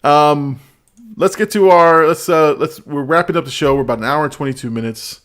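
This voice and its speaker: A man's voice: a little high, fairly quick, fairly bright tone. A man hosting a live stream, chatting casually, laughing often and repeating words as he reads chat aloud.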